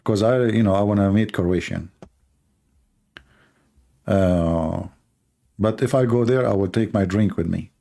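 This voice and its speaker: A man with a gravelly, dark-toned voice riffs through a live-stream monologue. He jokes and teases as he talks, stumbling over his grammar and restarting his sentences. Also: lowish voice. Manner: animated, joking, teasing, with halting non-native grammar. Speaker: live-stream show host.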